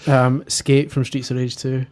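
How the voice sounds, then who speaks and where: A man co-hosting a podcast, nerdy and quick to recall old games. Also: mid-range voice, level tone, a little mellow. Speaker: podcast co-host. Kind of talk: casual chat.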